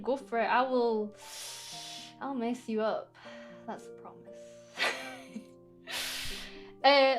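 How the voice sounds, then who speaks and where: A young Scottish woman streaming a casual, teasing Q&A with her chat, playful and quick to giggle. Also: high voice. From Scotland. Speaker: VTuber streamer.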